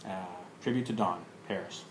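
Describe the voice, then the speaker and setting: A man telling a personal story in a casual, rambling way, full of pauses and fillers. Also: sits low, roomy sound, a little hiss or hum, low-quality recording. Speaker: alternative practice teacher.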